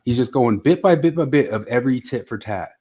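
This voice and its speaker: Male podcast co-host, mid-pitch, ranting and mocking. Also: expressive, brisk, darkish tone. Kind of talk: casual podcast chat.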